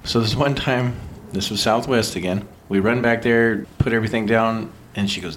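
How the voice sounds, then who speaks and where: A middle-aged man co-hosting a podcast and telling a long personal story in an easygoing, profane way. His voice sits a little low, and he keeps breaking off mid-sentence and restarting as the story builds. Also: moderate pace, slight background noise. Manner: animated, profane, self-interrupting storyteller. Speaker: podcast co-host. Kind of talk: casual storytelling.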